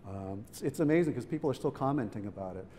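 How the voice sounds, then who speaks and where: A man's voice: medium pitch, lively intonation, fast, mellow. A middle-aged man speaking at a public event, telling a family story in a conversational way and acting out the voices of people he quotes. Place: museum event hall. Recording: hall reverb, faint background noise.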